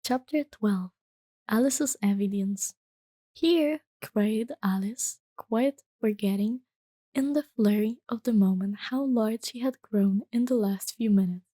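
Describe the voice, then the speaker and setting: A woman reading a bedtime story in a gentle, hushed soft-spoken ASMR style that slips into whispers. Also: mid-range voice, unhurried, dry recording.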